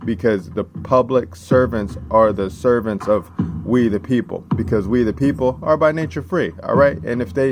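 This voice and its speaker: A man giving a casual, emphatic lesson, reading out constitution passages and checking in with "right?" after each point. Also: medium pitch. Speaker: civics teacher. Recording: steady background noise.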